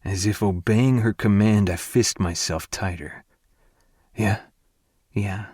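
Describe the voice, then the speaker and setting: A man narrating a first-person romance audiobook in an intimate, hushed and breathy way. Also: lowish voice, a little slow, no echo, clean studio sound.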